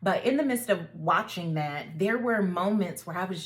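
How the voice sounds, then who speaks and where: A woman talks straight to her viewers in a casual vlog. Her voice sits a little low, and she stays animated and conversational, calling them y'all. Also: moderate pace, few pauses. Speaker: dating vlogger. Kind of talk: casual talk to camera.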